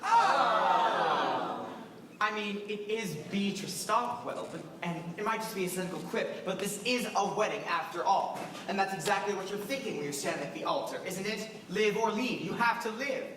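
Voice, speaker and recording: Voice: mid-range voice, animated, moderate pace, lightly acted. A teenage student playing a lonely, wistful middle-aged man who confides rambling asides in a stage musical monologue, recorded far off in a school auditorium. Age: teens. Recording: echoey hall taped from far off, noisy.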